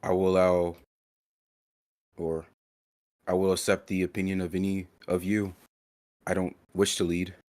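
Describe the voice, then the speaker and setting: A man's voice: deep voice, level tone, a little slow, long pauses, darkish tone, pitched below the performer's own voice. A man voicing a humble, formal male adventurer who speaks politely and defers to others. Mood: deferential.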